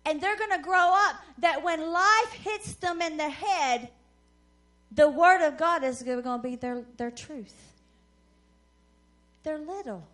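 A woman with a high voice preaches at a conference. She tells her stories with animation and acts out the voices of the people in them. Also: takes it slowly, long pauses. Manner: animated storyteller who acts out quoted voices. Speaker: conference speaker. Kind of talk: sermon storytelling.

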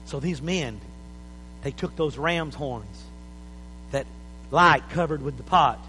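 A man preaching an impassioned sermon in a church, building to shouts. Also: a little high, expressive, slow, big-room sound, noisy background.

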